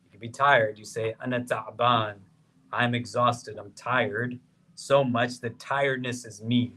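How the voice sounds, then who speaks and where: A man's voice: medium pitch, steady tone, a little slow, bright, forceful tone. A man, an imam, speaks to a crowd sitting on the floor of a prayer hall. He keeps it conversational and turns to the room with frequent questions. When he drives a point home, his voice jumps up sharply. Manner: voice rises sharply on emphatic questions. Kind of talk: religious lecture to a seated audience.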